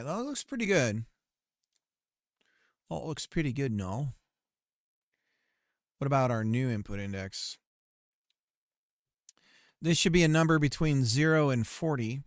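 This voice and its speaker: A man's voice: medium pitch, dry recording, studio quality. Playful man musing aloud while coding. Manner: playful, muttering and repeating phrases to himself. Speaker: game developer streaming.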